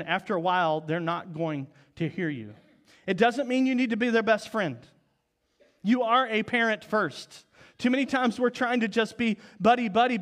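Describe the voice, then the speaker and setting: A man in his forties preaching a sermon, telling stories and dropping to soft, low tones for emphasis. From Oklahoma, US. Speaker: pastor.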